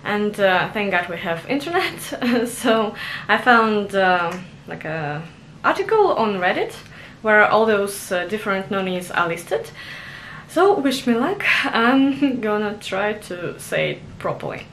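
A woman's voice: medium pitch, very animated, slow, fairly bright tone, a little hiss or hum. A young adult woman vlogging about learning a language, self-conscious and giggly, with many fillers and restarts. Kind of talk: casual vlog monologue.

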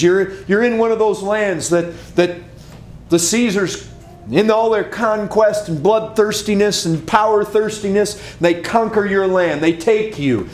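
A male pastor preaching a sermon and telling a vivid story, swinging from loud to hushed. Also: high voice, measured pace, roomy sound. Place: church sanctuary.

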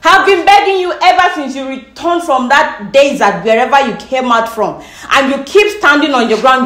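A woman's voice: high voice, expressive, normal speed, a bit bright, roomy sound. A woman arguing heatedly, angry and raising her voice. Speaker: girlfriend being tested. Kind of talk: heated argument.

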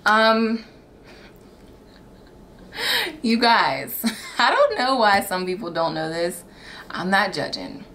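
A candid, chatty woman in her thirties vlogs in a casual tone. Her voice sits at an ordinary middle pitch, and a faint hiss of room ambience runs underneath. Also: slow, long pauses. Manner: chatty and candid, laughing often, animated when exasperated. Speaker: vlogger. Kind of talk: casual wedding-planning vlog.

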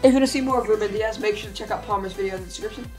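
A woman giving casual, excitable commentary as she opens card packs, calling out reveals and laughing often. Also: mid-range voice, racing. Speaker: gaming YouTuber. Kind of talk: casual pack-opening commentary. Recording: faint background music.

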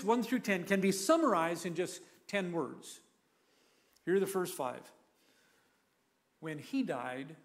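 A man preaching a sermon, emphatic and repetitive, leading the listeners to say lines back with him. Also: high voice. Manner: emphatic, repeats key phrases, leads the audience in repeating lines.

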